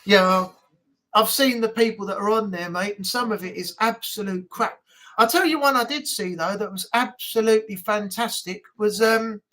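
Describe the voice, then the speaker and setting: A man's voice: high voice, bright, forceful tone, low-quality recording. Chatty man rambling on stream. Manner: rambling, chatty, many fillers. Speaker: live chat host. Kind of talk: casual live-stream chat. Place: home room.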